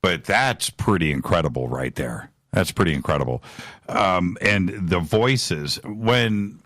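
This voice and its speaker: A man's voice: low-pitched, lively intonation, a bit bright, dry recording, studio quality. A man hosting a talk show interview, affirming often and restarting his sentences as he asks questions. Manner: affirming with repeated "right, right", halting restarts.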